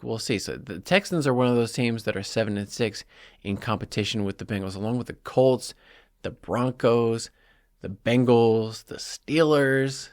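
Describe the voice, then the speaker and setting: A man's voice: fairly low pitch, no echo, clean studio sound. A man hosting a solo sports podcast, talking in an opinionated, heated and sarcastic way with lots of "like" fillers. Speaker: podcast host.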